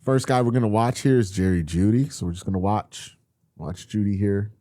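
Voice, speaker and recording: A man's voice: fairly low pitch, fairly quick, no room sound, studio quality. A man hosting a casual football film review, talking straight to his viewers and getting exasperated, with some swearing. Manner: animated, exasperated, swears, addresses viewers as y'all. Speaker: football film breakdown host.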